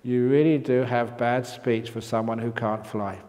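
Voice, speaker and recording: A man's voice: mid-range voice, steady tone, unhurried, very noisy, lightly acted. A man voicing a rude squawking parrot. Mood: smug. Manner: brash and insulting. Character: rude demanding male airline parrot. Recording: long hall reverb.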